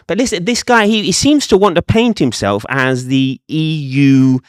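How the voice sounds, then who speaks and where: A man's voice: a little high, normal speed, clear, resonant tone, no room sound, clean studio sound. A man co-hosting a political chat show as a reporter, wry and joking, with hesitant fillers. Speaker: co-host, reporter.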